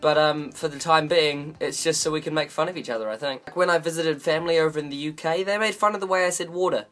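A man's voice: fairly high pitch, a little fast, fairly bright tone, faint music behind. A young man from New Zealand with a mixed New Zealand accent, hosting a comedic vlog with jokey, self-mocking asides. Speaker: video host.

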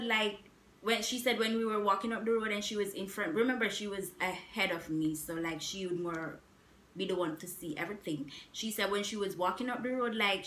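Bright-voiced young woman telling a story. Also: mid-range voice. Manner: animated, repetitive retelling with emphatic asides. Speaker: vlogger. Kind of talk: casual storytime. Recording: echoey room.

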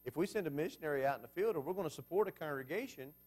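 Male preacher, fairly high voice, chatty sermon that turns to the congregation with questions. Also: expressive, rapid-fire, darkish tone. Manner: conversational, asks the congregation questions. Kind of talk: Bible class sermon.

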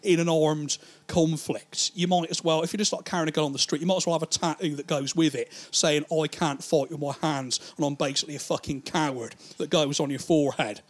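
A man's voice: a little high, steady tone, fairly quick, hardly any pauses. A man doing a stand-up routine, rambling and swearing as he acts out the people in his stories. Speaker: stand-up comedian.

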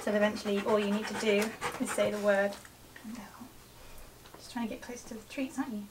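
A woman's voice: medium pitch, steady tone, fairly quick. A woman in a casual how-to vlog, chatting to the viewer while giving her dog short commands and cheerful praise. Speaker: dog trainer. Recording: distant mic with clear background noise.

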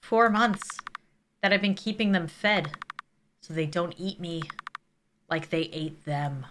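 A woman voicing a lonely young girl who talks herself quietly and uneasily through daily chores, reading game dialogue aloud. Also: medium pitch, unhurried, natural voice. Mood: somber. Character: lonely young girl caring for monsters alone.

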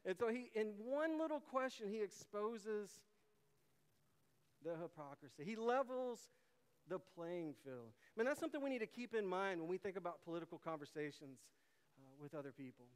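Pastor, male, high and resonant, animated sermon delivery, reverberant sanctuary. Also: moderate pace, clean tone. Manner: animated, acts out quotes with big swings in volume. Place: church sanctuary.

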